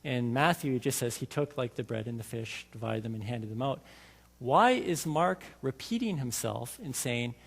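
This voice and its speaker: A man delivers a sermon in a relaxed, conversational manner and keeps turning to the congregation with questions. His voice sits in an ordinary middle pitch. The recording carries a long church reverb. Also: normal speed, gravelly. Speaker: lay preacher. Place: church sanctuary.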